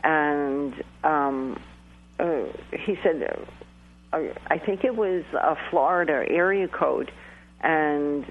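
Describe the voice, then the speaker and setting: A man's voice: on the high side, slow pace, a little hiss or hum. A man, a guest psychic medium, telling a personal story on a call-in interview in a rambling, hesitant way full of restarts. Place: calling in from home in New York. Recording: tinny phone line.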